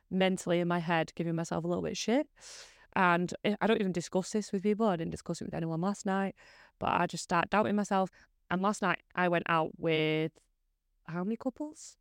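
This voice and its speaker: A woman in her thirties talks on her own podcast, candid and rambling as she pokes fun at herself. Her voice has a gravelly fry yet stays smooth and clear. The sound is close and dry, with no room in it. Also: lowish voice, no echo. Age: 30s. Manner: candid, self-deprecating, rambling. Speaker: podcast host. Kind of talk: casual solo podcast chat.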